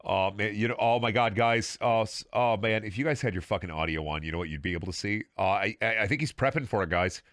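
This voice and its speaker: A man's voice: lowish voice, quick pace, hardly any pauses, a bit bright, no room sound, studio quality. A man streaming a video game, talking in a sarcastic, rambling, profane way with frequent laughing and repeated words. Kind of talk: casual game livestream commentary.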